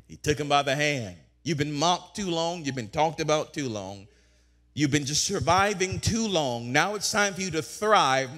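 Guy preaching with a high voice, fervent, keeps repeating lines and ramping up loud. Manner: fervent, repeats phrases, builds to loud declarations. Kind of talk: sermon.

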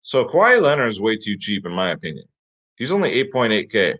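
Brisk and sing-song, a lowish, fairly bright male voice hosts a fantasy sports picks show. He delivers an energetic, casual rundown, often saying "guys" and "get him in there," over slightly dull lo-fi sound.

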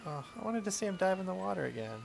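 A man hosting a casual let's-play, joking and excitable as he plays alongside a child. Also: sits high, racing, vocal fry, faint music behind. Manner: playful, excitable, jokey with a child. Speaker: gameplay host.

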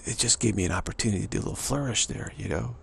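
A man's voice: lowish voice, rapid-fire, gravelly, slightly rough. A man talking in a loose, rambling monologue to an audience, repeating himself and breaking into scat-like asides. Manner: loose, repetitive, drum-like scatting and asides. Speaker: speaker addressing an audience.

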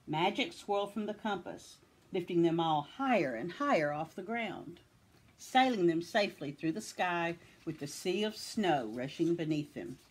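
A woman from Tennessee reading a children's picture book aloud with expressive storytelling. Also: fairly low pitch, normal speed, husky.

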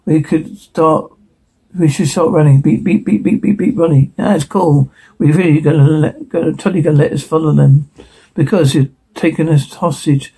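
Performing an entire TV scene by himself, a voice actor switches between the characters and reads the sound cues aloud. His voice is on the high side, warm and husky, with fairly even intonation and a moderate pace, captured on a low-quality recording.

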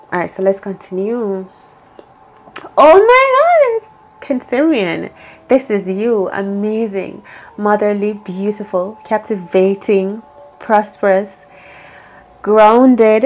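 A woman's voice: mid-range voice, dark tone. A woman giving a solo tarot reading. She sounds affirming and encouraging and thinks aloud as she goes. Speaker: tarot reader.

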